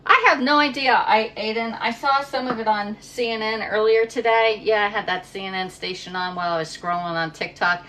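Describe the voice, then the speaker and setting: Cooking in her home kitchen during a livestream, a middle-aged woman from Pennsylvania rambles casually and reads out comments from viewers. She speaks briskly in a sharp, mid-range voice with hardly any pauses.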